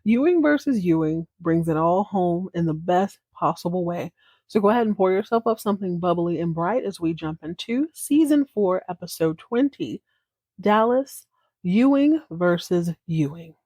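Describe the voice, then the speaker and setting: A woman's voice: on the low side, expressive, moderate pace, mellow, no room sound, clean studio sound. A woman hosting a casual podcast, giving a chatty, playful and dramatic retelling full of asides. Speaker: podcast host.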